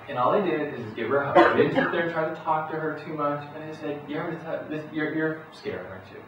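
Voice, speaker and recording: A middle-aged man talks to a room of parents in a relaxed, folksy way, often restarting his sentences and acting out little quotes. He is heard from well back in a very echoey hall. The sound is dull and has a steady noise under it. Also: fairly high pitch, brisk, hardly any pauses, distant mic. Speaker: psychologist speaking to parents. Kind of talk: parent education talk. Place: school hall or auditorium.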